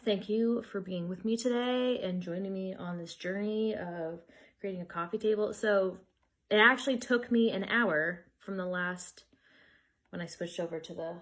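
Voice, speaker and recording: A young woman chatting casually while she assembles furniture, exasperated and swearing now and then. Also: fairly low pitch. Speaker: vlogger.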